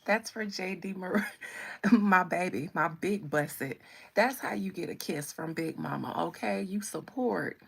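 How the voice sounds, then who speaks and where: Gravelly, husky-voiced woman teasing her live chat. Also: lowish voice, unhurried. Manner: sassy and playful, teasing viewers. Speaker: live-stream tarot reader. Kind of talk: casual live-stream chat reading comments.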